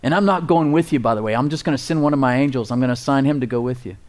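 A man preaching a conversational sermon as pastor and Bible teacher, emphatic and animated, chuckling at his own points. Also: medium pitch, racing.

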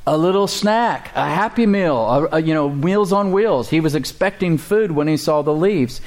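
A man pastor preaching a sermon, calling out for responses from the congregation and reading scripture slowly and deliberately. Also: on the high side, lively intonation, darkish tone.

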